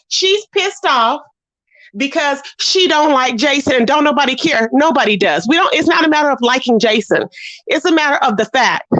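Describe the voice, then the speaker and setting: A woman's voice: high voice, a bit bright, low-quality recording. A woman hosting a livestream, delivering a blunt, scolding rant full of curses and repeated phrases, breaking off now and then to greet her viewers. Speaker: livestream commentary host. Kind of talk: ranting livestream commentary.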